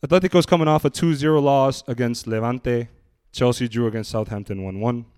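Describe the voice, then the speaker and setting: A man's voice: medium pitch, a little fast, a little mellow, clear, resonant tone, no echo. Guy running a soccer podcast, upbeat, asks the others for picks, dry room sound. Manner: leads the talk, upbeat, laughs easily. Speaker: podcast host. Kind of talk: casual sports podcast chat.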